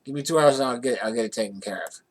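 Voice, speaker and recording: A man's voice: medium pitch, racing, close to an everyday voice. A man voicing a helpful, easygoing male mechanic who talks in a casual, reassuring way.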